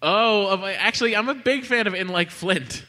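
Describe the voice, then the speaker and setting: A chatty comedian fields audience questions on stage with loose, joking banter. His voice is bright and forward. The sound rings with the long reverb of a live venue. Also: high voice, moderate pace, slight background noise. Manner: jokey, rambling, chatty. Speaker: podcast host answering audience questions.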